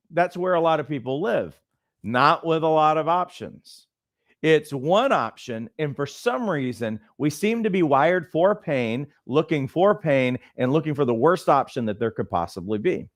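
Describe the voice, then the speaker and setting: A middle-aged man and life coach trainer who teaches through animated, conversational personal stories. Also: on the high side, moderate pace, no room sound, studio quality. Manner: conversational, lots of fillers and restarts, animated storytelling.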